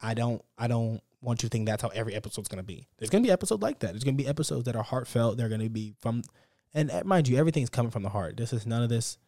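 A man's voice: mid-range voice, racing, mellow, no room sound. A young man hosting his own podcast alone, talking unscripted in an upbeat, motivational, repetitive way into a close mic. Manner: talks from the heart without a script. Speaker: podcast host. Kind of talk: casual solo podcast monologue.

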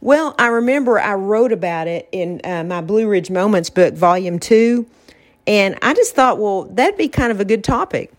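A woman's voice: medium pitch, lively intonation, normal speed. A woman hosting a podcast, talking in a reflective, casual way about faith and getting through hard times. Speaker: podcast host.

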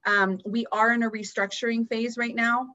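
A woman guest on a podcast, telling a personal story in an earnest, animated way. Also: fairly high pitch, normal speed, highs cut off. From Houston area, US. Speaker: guest, founder of a nonprofit.

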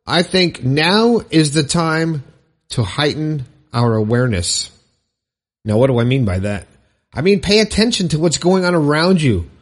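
A man's voice: a little high, slightly rough. A man hosting his own positivity podcast, chatting cheerfully and laughing at his own jokes. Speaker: podcast host. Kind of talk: upbeat solo podcast talk.

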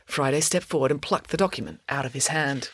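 A woman narrating a storybook in a lively, expressive reading voice. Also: a bass voice, fairly quick, breathy edge, no room sound. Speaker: audiobook narrator.

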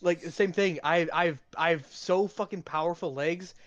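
A man's voice: fairly high pitch, normal speed, no echo. Young man, podcast co-host, laid-back self-mocking stories, dry muffled lo-fi sound. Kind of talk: casual chat. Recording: muffled, slightly lo-fi.

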